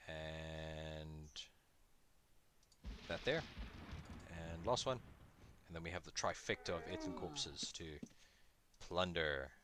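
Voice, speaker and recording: Low-voiced man narrating his gameplay. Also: slow pace, long pauses, noisy background. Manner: chatty, self-deprecating, talks to the game's creatures. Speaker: gaming video host. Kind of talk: casual gameplay commentary.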